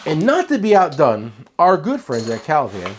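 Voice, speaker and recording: Rambling New Jersey tool-shop host, animated and jokey, faint noise. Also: male voice, a little high, normal speed. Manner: animated, rambling, joking with cohost. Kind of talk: casual product chat.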